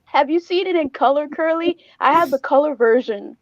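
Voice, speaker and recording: A woman's voice: high voice, moderate pace, dry recording, muffled recording. A woman co-hosting a podcast, retelling things in a rambling, hesitant way with ums. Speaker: podcast co-host. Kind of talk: casual chat.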